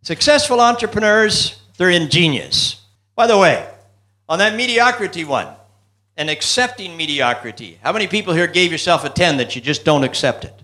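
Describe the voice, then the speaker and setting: A man's voice: fairly high pitch, sing-song, moderate pace, sharp tone. Joke-telling business seminar speaker, man. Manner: joke-telling, asks the audience questions. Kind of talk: motivational seminar talk.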